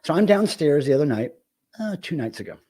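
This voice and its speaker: Excitable male host with a high, bouncy voice, ranting profanely while telling a story. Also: fairly quick, slightly rough. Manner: animated, profane, excitable rant. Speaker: live show host. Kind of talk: casual storytelling on a live stream.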